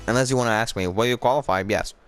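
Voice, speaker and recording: A man giving casual, jokey commentary over his own gameplay, excitable and playful, mock raging and rhyming nonsense. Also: medium pitch, racing, soft background music.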